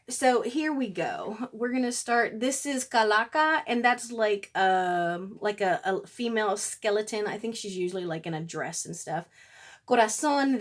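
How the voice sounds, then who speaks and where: A woman who is a parent, chatting casually in an unboxing vlog, gushing over what she opens, with many fillers and soft gasps. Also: a little high. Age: adult parent. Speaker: beauty vlogger.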